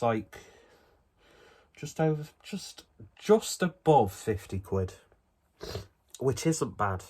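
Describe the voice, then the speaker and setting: A man, still out of breath from a cold, chatting his way through a casual beer review at home in a rambling, self-deprecating manner. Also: on the low side.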